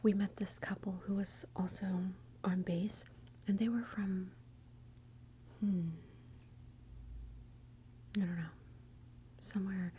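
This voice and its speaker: A woman's voice: medium pitch, fairly even intonation, slow, long pauses, mellow, slight background noise. A woman from Texas with a Texan accent, whispering close to the mic as she hosts rambling, self-interrupting ASMR commentary. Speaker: ASMR channel host.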